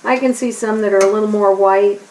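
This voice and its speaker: Brisk and fairly even in intonation, a woman with a medium-pitched, slightly mellow voice hosts a kids' cooking show, stirring and chatting to herself in a home kitchen. Recorded from afar in a roomy room, the audio carries slight background noise and the sizzle of onions in a pan.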